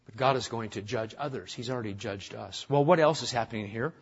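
A man preaching a sermon, dropping to a hush and then rising loud, often repeating words. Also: medium pitch, brisk, husky, dull audio. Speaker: pastor.

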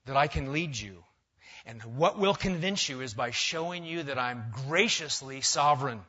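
A man preaching a sermon, emphatic, swinging from loud stressed words to quiet asides. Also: mid-range voice, animated, normal speed. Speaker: pastor. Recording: dull lo-fi sound.

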